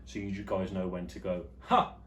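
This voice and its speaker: A man hosting his own vlog show, chatting casually and jokily about the news, his voice jumping between loud and quiet. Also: fairly low pitch, fairly even intonation, normal speed, a little hiss or hum. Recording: echoey room with faint ambience.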